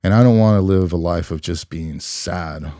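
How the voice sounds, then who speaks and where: A middle-aged man from California, a former police officer telling his story as a podcast guest in a reflective, unhurried way, with many "you know" fillers. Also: low-pitched, mellow, no room sound, clean studio sound. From California, USA. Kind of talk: conversational storytelling.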